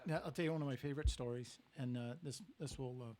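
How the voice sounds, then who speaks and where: A man's voice: mid-range voice, fairly even intonation, fast, a little mellow. An older man, a stand-up comedian, telling jokes and chatting as a podcast guest. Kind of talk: podcast joke-telling and chat.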